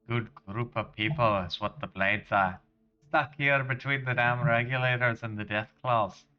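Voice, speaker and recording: A man voicing a tough male fist-fighting trainer in a put-on Scottish accent, with rough, clipped dialect. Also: mid-range voice, a little slow, lo-fi sound, natural voice. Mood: gruff.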